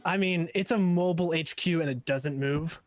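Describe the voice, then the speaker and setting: A man's voice: a little high, moderate pace, dry recording. A man playing a tabletop war game, asking hesitant questions about the rules. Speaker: player. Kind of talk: casual tabletop game chat.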